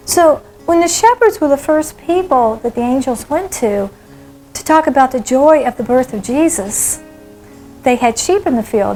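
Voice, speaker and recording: A woman with a slightly high voice leads a children's craft lesson, explaining each step patiently. Faint background music plays. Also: a little mellow, low-quality recording. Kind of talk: craft instructions for kids.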